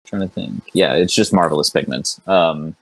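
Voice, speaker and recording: A man's voice: deep voice, normal speed, no echo, low-quality recording. A man playing a tabletop game, casually describing his character's actions and dice rolls. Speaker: player.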